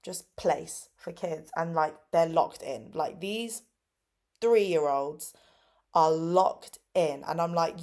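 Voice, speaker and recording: Young English woman vlogger, twenties, slightly low voice, casual and upbeat, filler-heavy storytelling. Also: slow, warm tone. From England. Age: 20s. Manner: upbeat, lots of fillers, acts out kids' voices with big pitch jumps. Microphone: phone camera.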